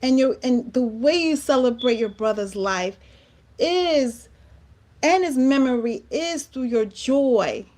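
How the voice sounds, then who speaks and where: A woman host with a fairly high voice talks in an earnest, heartfelt way. She presses her points with emphasis and often repeats words mid-sentence. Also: lively intonation, slow, darkish tone. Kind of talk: heartfelt conversational talk.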